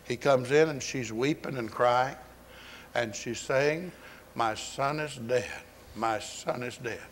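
A male pastor with a mid-range voice delivers a folksy storytelling sermon, retelling scripture and acting out its characters' voices. It's a 1980s sermon recording.

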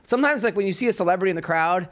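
A man with a notably high voice for a man, hosting a podcast in a chatty, rambling manner. He leans on fillers and restarts as he tells stories. It is loose, casual chat. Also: expressive, rapid-fire, fairly bright tone. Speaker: podcast host, comedian.

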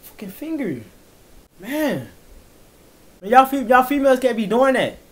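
A man's voice: extremely high pitch, very animated, a little slow. A man who was pranked, complaining indignantly and rambling in casual vlog chat. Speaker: prank target.

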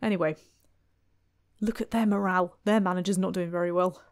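A woman's voice: on the low side, steady tone, brisk, no room sound. A woman commentating on her own gameplay in a wry, chatty way, full of exasperated asides. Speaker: let's play host.

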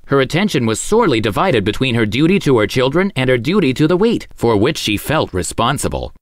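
A man hosting a story show and reading a children's tale aloud in an expressive, sing-song way. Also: mid-range voice, a little fast, dry recording, studio quality. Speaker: storyteller host.

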